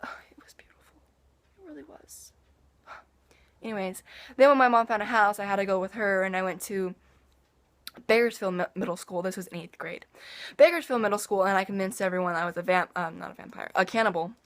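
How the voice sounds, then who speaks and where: A woman's voice: mid-range voice, quick pace. Teen girl rambling into her camera, lots of sighs and asides, just chatting. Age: teens. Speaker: vlogger. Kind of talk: casual personal vlog.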